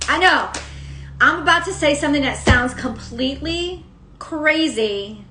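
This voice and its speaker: A woman's voice: sits high, measured pace, background noise. A woman giving a casual daily tarot reading. She rambles, swears freely and laughs often. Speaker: tarot reader. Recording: roomy echo.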